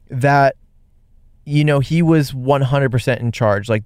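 Jokey animated man reviewing films. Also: medium pitch, clean tone, dry recording, studio quality. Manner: animated, jokey, quick asides. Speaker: podcast co-host. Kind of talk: casual movie review chat.

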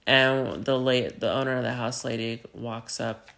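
A man co-hosting a podcast, casually retelling a TV episode with lots of filler words and loud acted-out lines. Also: medium pitch, steady tone, normal speed, creaky. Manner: rambling, acts out lines in loud put-on voices. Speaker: podcast co-host.

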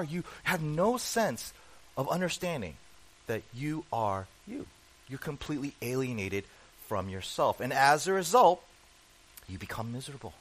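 A man's voice: medium pitch, big pitch swings, moderate pace, a bit bright, low-quality recording. A man preaching a sermon as pastor, emphatic and full of rhetorical questions put to the congregation.

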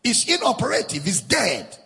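A man's voice: sits high, huge pitch swings, moderate pace, gravelly, pushed and bright, in a large hall. A man preaching a sermon as a pastor, driving his points home with repetition and sing-song emphasis.

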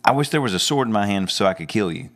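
A man playing a hot-tempered prophet who snaps back quickly. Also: on the low side, expressive, a bit bright. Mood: furious.

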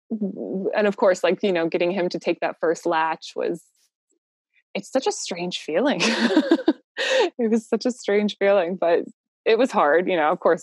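A woman's voice: on the low side, breathy edge, no echo, clean studio sound. A young woman telling her own birth story in a casual, heartfelt way, laughing often and using lots of fillers.

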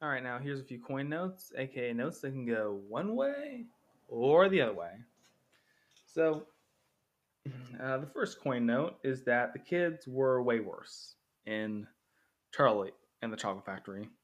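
A man's voice: mid-range voice, very animated, a little slow. A man hosting a casual podcast monologue comparing two films, rambling with many fillers and acting out characters' lines. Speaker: podcast host.

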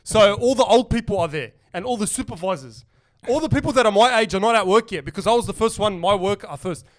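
A young man, co-hosting a podcast and telling stories in excitable, sweary casual chat. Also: high voice. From Australia. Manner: fast, excitable storytelling with lots of swearing. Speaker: podcast co-host.

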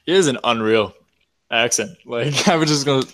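A man's voice: medium pitch, moderate pace, fairly bright tone, slight background noise. A man hosting a casual podcast, loose and joking as he leads the talk. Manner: loose, joking, laughs often. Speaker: podcast host. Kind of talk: casual chat.

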